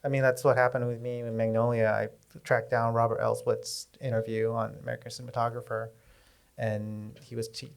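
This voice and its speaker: A man on a cinematography panel, giving eager advice with halting restarts. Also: on the low side, creaky. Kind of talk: casual panel talk.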